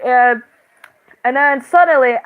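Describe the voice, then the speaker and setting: A woman who hosts a channel describes her dream casually, her speech halting with frequent restarts, many "like"s and giggles. Her voice is high with a clean tone, but the audio sounds narrow and tinny.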